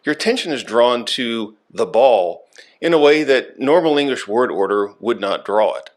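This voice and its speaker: A man of middle pitch reads a prepared radio lecture. His delivery is measured and deliberate, with a lively, rising and falling intonation. He punches the key phrases for emphasis. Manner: measured, emphatic reading with stressed key words.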